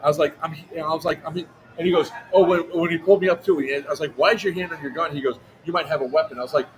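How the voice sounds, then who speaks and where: A man telling a story in casual chat on a livestream, animated and profane, acting out other people's lines. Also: a little high, racing, slight background noise, low-quality recording. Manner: animated, profane, acts out quotes in a raised voice. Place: outdoor airsoft event.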